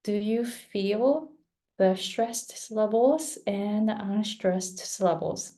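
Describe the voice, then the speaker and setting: Japanese woman teaching pronunciation, slow and patient, mellow warm voice. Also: mid-range voice. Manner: slow, patient, models words for learners to repeat. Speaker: pronunciation coach. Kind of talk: live pronunciation lesson.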